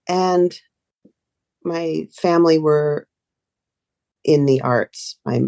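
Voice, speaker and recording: A woman with a low, grounded voice talks as a podcast guest, spinning lively anecdotes with frequent laughter. Her voice is recorded close and dry, with no room sound. She speaks as a writer and performer in easy conversation. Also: vocal fry, dry recording. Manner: animated storyteller, laughs often. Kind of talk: casual conversation.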